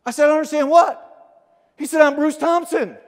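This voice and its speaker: A middle-aged man giving an energetic motivational keynote speech in a large conference hall, telling stories and acting out the dialogue. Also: extremely high pitch, a little fast. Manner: energetic, storytelling with acted-out dialogue. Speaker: keynote speaker. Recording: long hall reverb.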